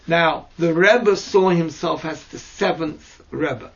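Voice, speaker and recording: A man teaching mystical texts in a slow lesson over a video call, hesitant and searching for words with fillers and restarts. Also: gravelly, a bit bright. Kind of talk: slow explanatory lesson with many pauses. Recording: dull low-fi audio with faint noise.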